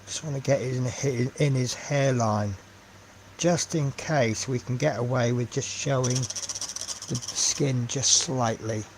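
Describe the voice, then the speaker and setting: A man's voice: medium pitch, slow, slight background noise. A man chatting casually on a live stream while he paints miniatures, thinking aloud with many ums and trailing asides.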